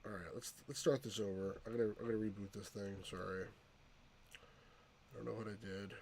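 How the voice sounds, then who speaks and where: A man's voice: lowish voice, steady tone, a little fast, vocal fry, a little mellow, slight background noise. A man casually commenting on a retro computer game as he plays, rambling and often restarting his sentences. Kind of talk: casual let's-play commentary.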